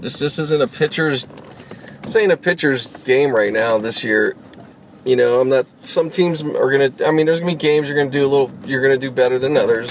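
Gravelly-voiced man ranting from his car. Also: mid-range voice. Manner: rambling, profane, with lots of restarts. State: irritated. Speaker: vlogger. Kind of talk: casual rambling monologue to viewers. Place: inside a car, driving in traffic. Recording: road and traffic noise.

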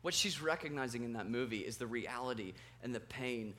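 A man's voice: mid-range voice, brisk. A man in his thirties preaching to a live audience in a meeting room, praying and then telling funny stories while quizzing the crowd. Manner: animated and self-deprecating, asks the audience questions. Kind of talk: sermon with prayer and humorous storytelling.

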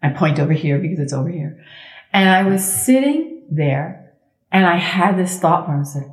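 Expressive woman with a low, roomy voice. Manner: expressive, acts out inner thoughts in quoted voices; slow, emphatic repetitions. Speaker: sound healer and guest. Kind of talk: conversational interview.

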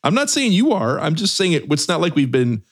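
A man's voice: fairly high pitch, big pitch swings, fairly quick, a loud crowd. Wry questioning man on a podcast. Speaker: podcast co-host. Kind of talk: casual podcast banter.

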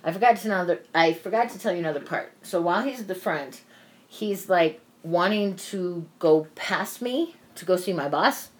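This woman's lively, fairly low voice moves at normal speed as she tells a drawn-out story about work. It's rambling and profane, packed with "like."

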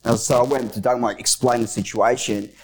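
A man's voice: mid-range voice, steady tone, brisk, a little hiss or hum, rough recording. A man co-hosting a podcast in a studio, telling a rambling story with lots of swearing. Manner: rambling, swears often, acts out quotes. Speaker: podcast co-host. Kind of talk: casual storytelling chat.

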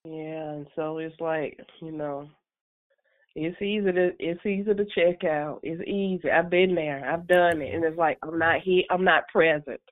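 A woman's voice: sits low, fairly even intonation, unhurried. Woman on a tinny phone-like line. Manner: earnest, preacherly, quotes scripture. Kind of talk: casual faith discussion.

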